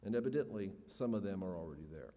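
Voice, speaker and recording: A man's voice: low-pitched, lively intonation, quick pace, dark tone. Man preaching in a reverberant hall. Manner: earnest expository preaching, rising emphasis on key points. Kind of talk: sermon.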